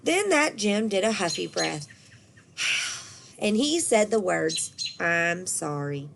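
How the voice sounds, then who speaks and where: Woman, storyteller, children's book read-aloud, lively, expressive, faint background noise. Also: mid-range voice, slow, creaky.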